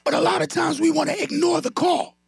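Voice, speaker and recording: A man's voice: extremely high pitch, steady tone, a little fast, vocal fry, no echo. A man preaching a sermon, calling on the congregation to answer him and building into a sung, whooping delivery. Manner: calls on the congregation to respond, rising into a sung whoop.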